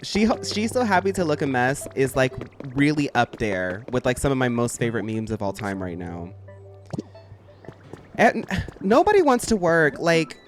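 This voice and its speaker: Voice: mid-range voice, wildly swooping pitch, normal speed, faint music behind. A streamer chatting casually while playing a game, giggling and tossing out slangy asides.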